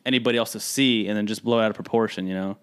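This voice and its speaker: A man's voice: lowish voice, fairly even intonation, racing, smooth. A young man co-hosting a podcast, telling a party story in casual chat, full of "like" and "you know". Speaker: podcast co-host.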